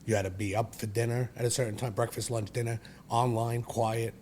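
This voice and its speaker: Here the same kind of speaker, a Brooklyn man in his forties, talks candidly about his life on a podcast, cursing and wandering off track. The voice is medium in pitch and slightly mellow, delivered flatly and fairly fast, with a bit of hiss or hum.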